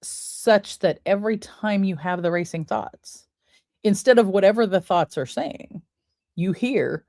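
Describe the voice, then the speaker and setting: A woman podcast host talking listeners through a breathing exercise in a slow, soothing way, counting the breaths aloud. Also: medium pitch, animated, a little mellow, no echo, clean studio sound. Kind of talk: guided breathing and wellness talk.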